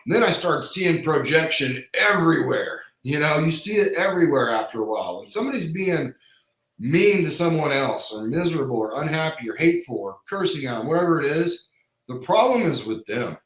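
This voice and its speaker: A man's voice: a little high, lively intonation, fairly quick, a bit bright. A man from Kansas, a chiropractor guest on a podcast, telling frank anecdotes in a casual, conversational way. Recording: roomy echo.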